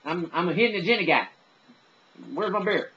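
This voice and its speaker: A man's voice: sits high, a little fast, pushed and bright, dull audio, pitched above the performer's own voice. A man doing a parody of a dopey young bro reality-show contestant, stammering and repeating himself. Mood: cocky. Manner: stammering, slurred bro talk.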